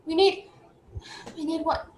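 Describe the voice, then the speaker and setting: A woman's voice: very high voice, fairly even intonation, measured pace, reverberant, slight background noise, voice pushed up. A woman voicing a small crying boy who pleads, repeating himself, for his father in a tabletop game. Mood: pleading. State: sobbing.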